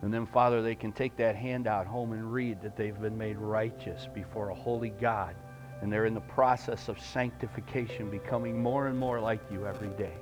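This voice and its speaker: A man preaching a sermon in a church, emphatic and rising loud, then praying in a hushed voice. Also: on the low side, steady tone, normal speed, music in the background. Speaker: pastor. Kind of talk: sermon and closing prayer. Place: church sanctuary.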